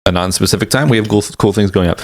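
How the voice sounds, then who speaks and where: Deep-ish guy co-hosting a podcast, rambly, gets heated fast. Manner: rambling, quick to get riled up. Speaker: podcast co-host. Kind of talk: casual chat.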